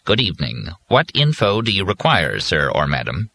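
A man doing a deep-pitched robotic encyclopedia voice, officious and curt, delivered with a bright, forceful edge. It answers like a stiff phone machine. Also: wildly swooping pitch, normal speed, gravelly, no room sound, full character voice.

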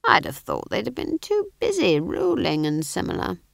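A woman's voice: on the low side, wildly swooping pitch, normal speed, vocal fry, no echo, studio quality, heavily acted. A woman voicing a stern, formidable old witch who talks bluntly and grimly in an audiobook. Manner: blunt, grim and commanding. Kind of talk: audiobook character voice.

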